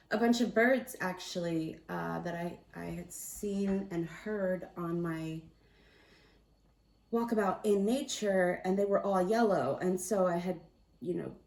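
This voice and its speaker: A woman's voice: medium pitch, a little mellow. A woman casually doing a spiritual card reading, talking in a meandering, chatty, self-amused way. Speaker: tarot and oracle card reader. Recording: roomy echo, distant mic.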